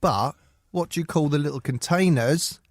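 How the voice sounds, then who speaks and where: A man's voice: fairly high pitch, moderate pace, no echo, clean studio sound. A man telling comic anecdotes on a radio show, laughing and acting out voices. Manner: laughing storyteller, acts out voices. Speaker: radio guest.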